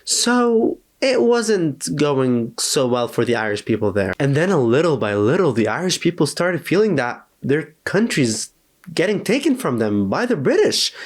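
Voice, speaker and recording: A man narrating a history explainer in a chatty, playful way, with jokey asides. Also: fairly high pitch. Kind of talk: casual educational narration.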